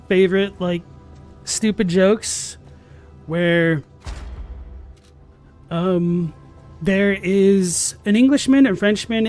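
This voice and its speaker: A young man with a notably high speaking voice rambles through a live game stream in a dry, deadpan delivery. Faint game music hums behind him. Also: clear, resonant tone. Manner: rambling, filler-heavy. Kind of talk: casual live-stream chat while gaming.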